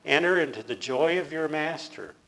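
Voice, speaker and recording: Stern master judging his servants, read plainly by a male teacher, slow and emphatic. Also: a little high, lively intonation, vocal fry, fairly bright tone, pitched above the performer's own voice, rough recording. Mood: approving. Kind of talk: scripture reading.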